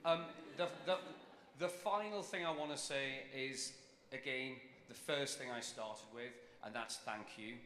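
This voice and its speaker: A man's voice: medium pitch, a little slow, a bit bright. A middle-aged man with a London accent gives an enthusiastic, chatty ceremonial speech to a student audience in a large hall. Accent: British English, London. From Britain. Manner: enthusiastic, chatty, building to cheers. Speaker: civic official giving a speech. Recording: echoey hall with long reverb.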